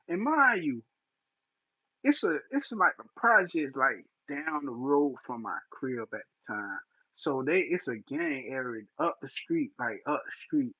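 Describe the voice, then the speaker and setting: A man's voice: high voice, sing-song, measured pace, dry recording. A man telling a profane story on his livestream, laughing often, on dull lo-fi stream audio. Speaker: livestream host.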